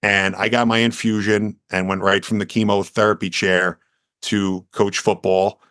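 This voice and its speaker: Low-voiced New man telling a story. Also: normal speed, clear, resonant tone, no room sound, studio quality. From United States. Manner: earnest, animated storyteller who acts out quotes. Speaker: podcast guest. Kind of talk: storytelling in a podcast interview.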